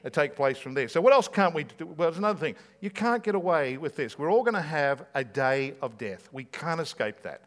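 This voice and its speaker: A man preaching to his congregation, chatty and direct, firing off rhetorical questions. His voice sits a little higher than most men's. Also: animated, fairly quick, hardly any pauses. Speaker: pastor. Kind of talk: sermon.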